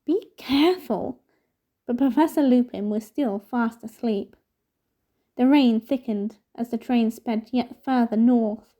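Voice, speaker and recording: A woman reading a novel aloud in steady, measured narration. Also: on the high side, muffled recording. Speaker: storybook reader.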